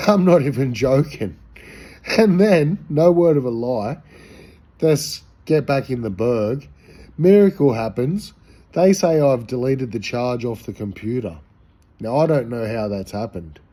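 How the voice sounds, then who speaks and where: A man's voice: medium pitch, lively intonation, unhurried, mellow. An Australian man telling a rambling, slangy, profane anecdote in a casual way. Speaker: storyteller.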